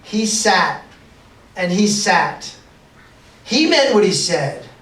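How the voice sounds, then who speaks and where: A man's voice: high voice, big pitch swings, takes it slowly, fairly bright tone. A man reading a picture book aloud to children, playful and full of sound effects, heard in an echoey room from a distance.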